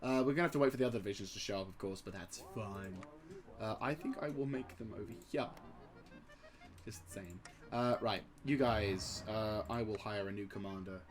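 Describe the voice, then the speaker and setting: A man casually commenting on a strategy game, rambling and excitable, swearing freely and chuckling at his own jokes. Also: on the low side, moderate pace, music in the background. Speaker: gaming channel host.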